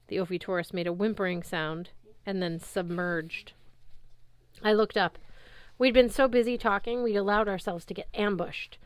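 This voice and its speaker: A woman narrating a novel aloud in a steady, even storytelling manner. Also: mid-range voice, normal speed, clean tone, no echo. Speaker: audiobook narrator. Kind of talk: audiobook narration.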